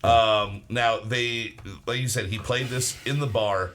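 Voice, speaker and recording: A man with a fairly low voice co-hosts a podcast in a loose, swearing, chatty way. He keeps restarting his sentences as he talks. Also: fairly even intonation, a little slow, a bit bright, slight background noise. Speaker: podcast co-host. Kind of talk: casual podcast chat.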